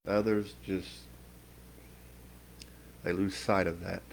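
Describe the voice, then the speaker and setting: A man giving a slow, stern spiritual lecture with long pauses, preaching in a measured voice. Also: low-pitched, level tone, creaky, slight background noise, rough recording. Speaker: occult teacher.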